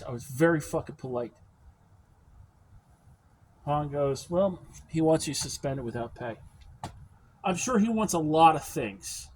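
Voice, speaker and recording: An American man telling a work story in a casual, profane rant, animated and emphatic. His voice sits a little high for a man. A faint noise hums behind him. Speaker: field service technician.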